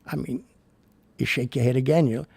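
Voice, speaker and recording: A man's voice: medium pitch, fairly even intonation, normal speed, vocal fry, darkish tone, breathy edge, no room sound. A male show host telling rambling personal stories and reacting to the news, full of fillers and restarts, turning indignant.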